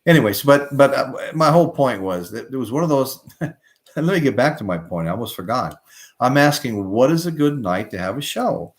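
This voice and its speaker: Older man, lively rambling host. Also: medium pitch, brisk. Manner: rambling storyteller, drifts off topic. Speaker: host of a live music show. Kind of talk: casual live-stream chat, reading viewer comments.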